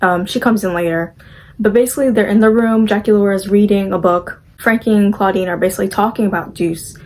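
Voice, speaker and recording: A woman's voice: mid-range voice, fairly quick, darkish tone, low-quality recording. A young woman casually recapping a movie, chatty and gushing, acting out the characters' lines as she goes.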